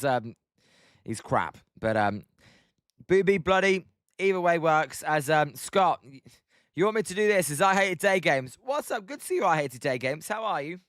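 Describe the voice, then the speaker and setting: A man's voice: fairly high pitch, a bit bright, no echo, clean studio sound. A British man giving casual live-stream baseball commentary, chatting and swearing often while reading out the chat.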